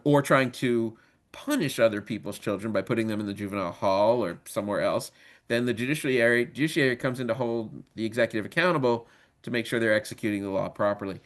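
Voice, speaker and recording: A man in his fifties who has worked as a lawyer, giving a casual, joking training webinar lecture with many ums. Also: mid-range voice. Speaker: legal trainer.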